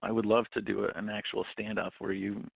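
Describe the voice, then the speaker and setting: A jokey man in his thirties with a heavily gravelly, creaky voice, talking as a guest author. The sound is dry and tinny, like a phone call. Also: lowish voice, level tone, fairly quick, no room sound. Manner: jokey, repeats words as he starts. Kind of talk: casual interview chat.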